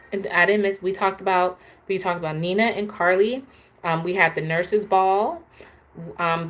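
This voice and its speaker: A woman's voice: medium pitch, fairly bright tone. A woman hosting a casual, opinionated live chat, talking straight to her viewers. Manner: chatty, opinionated, answers viewers. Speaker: host.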